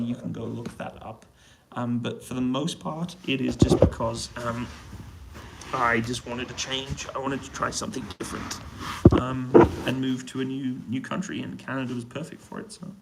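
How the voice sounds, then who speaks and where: A British man in a hotel room, answering viewers' questions on a casual, relaxed live stream and keeping his voice down so he doesn't wake anyone. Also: medium pitch, normal speed, vocal fry, noisy background. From United Kingdom. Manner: relaxed, quiet voice to avoid waking neighbours. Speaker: livestream host answering chat questions. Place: hotel room on an army base.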